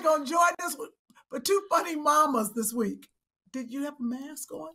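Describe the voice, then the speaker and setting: A woman co-hosting a comedy podcast, loud and playful, bursting into shouts. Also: high voice, moderate pace. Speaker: podcast co-host. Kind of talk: casual comedic chat.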